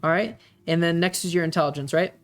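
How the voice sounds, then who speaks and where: A game master running a tabletop game in a relaxed way, with many fillers and pauses. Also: medium pitch.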